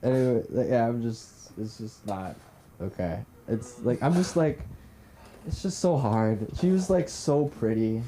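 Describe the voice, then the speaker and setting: Young man, stand-up comic, rambling, self-deprecating, mellow voice, faint room noise. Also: medium pitch, measured pace. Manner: rambling, self-deprecating, many fillers and restarts. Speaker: stand-up comedian at open mic. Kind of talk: stand-up storytelling. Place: comedy club stage.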